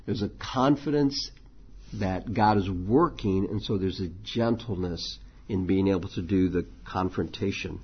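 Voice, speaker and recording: A man's voice: low-pitched, a little slow, breathy edge, highs cut off. A man who is a pastor, teaching a church leadership class in a conversational way, with frequent ums and restarts.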